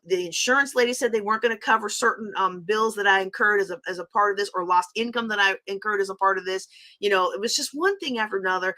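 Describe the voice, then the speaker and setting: A woman's voice: medium pitch, sharp tone. A middle-aged woman, hosting a livestream and candidly telling a personal story with open emotion. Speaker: host. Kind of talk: casual livestream talk.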